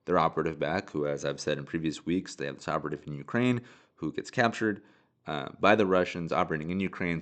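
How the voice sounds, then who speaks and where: Male podcast host, very low voice, casual rambling TV recap with lots of "uh"s. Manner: rambling, filler-heavy, with frequent restarts and chuckles. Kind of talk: casual solo recap of a TV episode.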